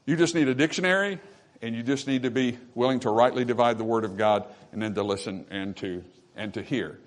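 Delivering a sermon a little fast, this medium-voiced pastor drives his points home by repeating phrases. He keeps calling "amen" out to his congregation from the pulpit.

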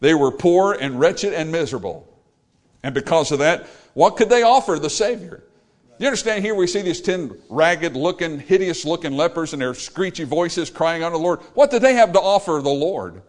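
Male preacher, slightly high voice, sermon delivery that swings between loud and hushed. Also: expressive, normal speed. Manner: dynamic, swinging from loud exclamations to low quiet lines.

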